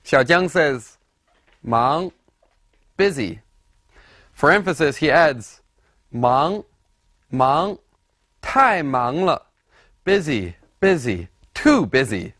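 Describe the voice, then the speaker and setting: Slow, lively man teaching a lesson. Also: a little high, no echo, studio quality. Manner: deliberate, explanatory, models words by repeating them. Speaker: language teacher. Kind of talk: scripted lesson narration.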